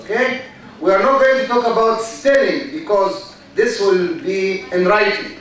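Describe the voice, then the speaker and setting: A man lectures a class in a high, unhurried voice, repeating key words and asking "okay?" again and again. He sits far from the mic, and the big hall booms with echo around him. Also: fairly bright tone, slight background noise. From Egypt. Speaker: university lecturer.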